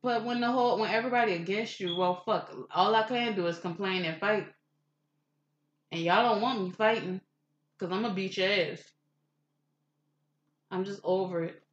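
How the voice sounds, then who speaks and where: A woman's voice: medium pitch, moderate pace, pauses often, a little hiss or hum. A woman on a podcast delivering a heated, profane rant, fiery and confrontational. The sound is roomy and a little dull, like a lo-fi home setup. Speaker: podcast co-host.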